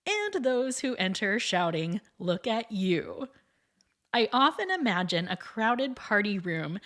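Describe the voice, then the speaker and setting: A woman's voice: mid-range voice, a bit bright. A woman hosting her own podcast in a scripted monologue, chatty and upbeat, with frequent light laughs. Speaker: podcast host and piano teacher.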